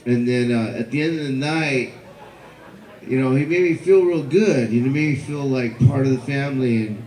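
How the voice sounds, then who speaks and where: A man speaking at a memorial, telling a personal story in a halting way with many fillers and repeated words. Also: mid-range voice, a little mellow. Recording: echoey hall.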